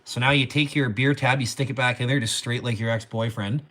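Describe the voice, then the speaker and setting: A man hosts a loose livestream chat at an everyday middle pitch. He jokes crudely, laughs a lot and reads out viewer comments as they come in. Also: fairly even intonation, fairly quick, a bit bright, slight background noise. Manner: joking, crude, laughs often. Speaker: livestream host.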